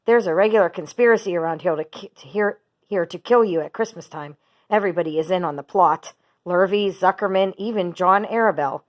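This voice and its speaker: A woman's voice: fairly low pitch, a little fast, lightly acted. A woman voicing an old female sheep in a read-aloud storybook, blunt and matter-of-fact.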